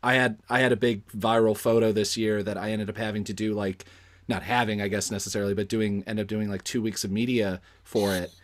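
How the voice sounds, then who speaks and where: A man's voice: fairly low pitch, level tone, a little fast. A man co-hosting a photography podcast, a freelance photographer who talks chattily and laughs through his sentences. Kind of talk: podcast conversation.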